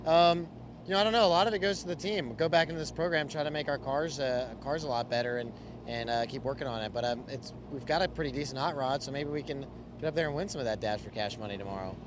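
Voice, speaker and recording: A man's voice: medium pitch, fast talker. A man from California, a race car driver, answering interview questions in an easygoing, rambling way. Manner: easygoing, rambling, many fillers. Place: outdoor race garage. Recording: noisy outdoor garage recording.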